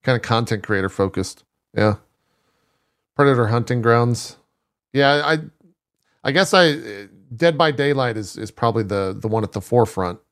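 A man's voice: mid-range voice, animated, normal speed, long pauses, fairly bright tone, clean tone. A man co-hosting a gaming podcast, asking questions and making wry remarks in casual chat. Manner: asks short questions, wry jokes. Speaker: podcast co-host.

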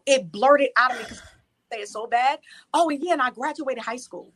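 A woman's voice: high voice, a little fast, a bit bright. A woman from New York in her thirties or forties, giving a fervent, preacherly testimony as a podcast guest. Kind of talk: testimony in an interview.

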